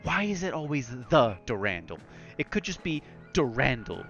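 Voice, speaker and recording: A man's voice: mid-range voice, big pitch swings, moderate pace, hardly any pauses, fairly bright tone. A man hosting a let's play, giving casual, joking and nitpicky commentary. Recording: lo-fi with faint game music.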